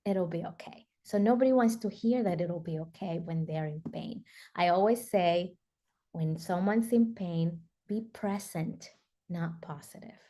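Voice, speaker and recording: A woman's voice: fairly low pitch, measured pace, mellow. A woman guest in an interview, telling a personal story earnestly with frequent fillers like "you know" and "like". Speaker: summit guest speaker.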